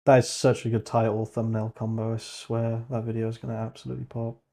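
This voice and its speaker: A man's voice: medium pitch, completely flat delivery, fast talker, vocal fry, mellow. A man hosting his channel's livestream in casual chat, joking and laughing at his own jokes. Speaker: channel host.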